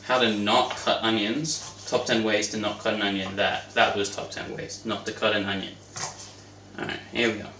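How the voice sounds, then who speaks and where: A man's voice: on the low side, little pitch movement, normal speed, pushed and bright. Young guy cooking and rambling, jokey, mic kinda far off, bit of background hiss. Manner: joking, rambling, chatting to his pet bird. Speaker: cooking vlogger. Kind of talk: casual cooking vlog. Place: home kitchen. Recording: roomy echo, distant mic, faint noise.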